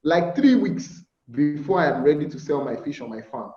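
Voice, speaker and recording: A man's voice: a little high, lively intonation, moderate pace, mellow. A Nigerian man teaching an informal online class on fish farming, chatty, checking in with listeners and acting out bargaining with buyers. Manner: conversational, checks in often with "all right?", acts out buyer dialogues. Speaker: aquaculture instructor. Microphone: video call. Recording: muffled, echoey call audio.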